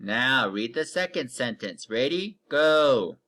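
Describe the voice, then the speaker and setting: A man teaching young children to read in a recorded online lesson, stretching out each word slowly and giving patient step-by-step cues. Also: medium pitch, animated, sharp tone. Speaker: elementary reading teacher.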